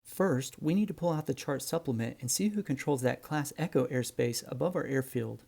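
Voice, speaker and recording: A man teaching flying, explaining radio calls in a relaxed, friendly way to viewers. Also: mid-range voice, brisk, creaky, breathy edge. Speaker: flight instructor. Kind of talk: instructional narration.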